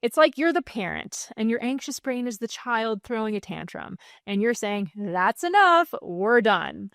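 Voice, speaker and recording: Woman sleep coach, soothing and gently firm, slightly high voice, dry close sound. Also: expressive, normal speed, no echo. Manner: soothing, gently firm, laughs lightly between points. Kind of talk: calm self-help teaching to camera.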